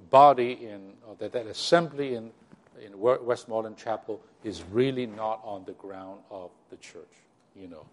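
An older man speaking to a church gathering, recalling its early history in a rambling way, full of restarts and direct asides to his listeners. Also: medium pitch. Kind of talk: sermon-style recollection.

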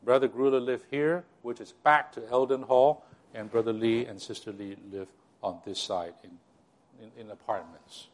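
A man's voice: medium pitch, fairly even intonation, moderate pace. Older guy talking to a church crowd, rambly, lots of restarts, asks the room stuff. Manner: rambling, with restarts and asides to listeners. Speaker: church speaker. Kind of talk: sermon-style recollection.

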